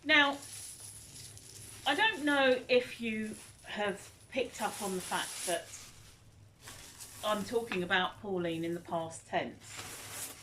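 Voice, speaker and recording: A woman in her fifties chatting casually as a vlogger, animated and nostalgic as she reminisces. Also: medium pitch, slow, pauses often, a little hiss or hum. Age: 50s.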